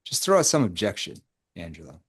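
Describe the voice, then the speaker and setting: A man's voice: low-pitched, wildly swooping pitch, brisk, breathy edge. A man running a live sales coaching session over a video call, who keeps quizzing the group with rhetorical questions. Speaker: sales trainer.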